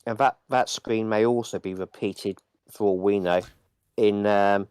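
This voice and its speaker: A man playing a tabletop game, thinking aloud about plans and quickly agreeing with the others. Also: fairly low pitch, fairly even intonation, a little mellow, clear, resonant tone, no echo, studio quality. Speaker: player. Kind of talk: casual table talk.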